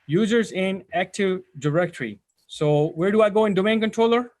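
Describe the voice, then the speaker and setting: A man's voice: high-pitched, animated, normal speed, a little mellow. A man teaching a live IT training session, talking casually to his students, often rambling and correcting himself mid-sentence. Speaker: IT instructor. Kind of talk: live software training walkthrough.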